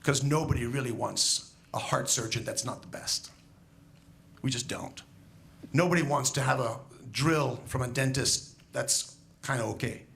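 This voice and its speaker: Gravelly-voiced man giving a commencement speech. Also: mid-range voice, a little slow, a bit bright. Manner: storytelling, emphatic, rhetorical questions. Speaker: school educator.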